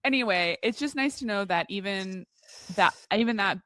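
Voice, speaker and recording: A woman's voice: medium pitch, moderate pace, fairly bright tone, no room sound, clean studio sound. A woman co-hosting a casual chat show, telling a story with gasps, laughs and lots of enthusiasm. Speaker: co-host.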